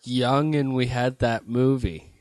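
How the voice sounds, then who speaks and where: A young man co-hosting a comedy podcast, laid-back and deadpan with short replies. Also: mid-range voice, slow, no echo. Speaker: podcast co-host. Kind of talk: casual comedic chat.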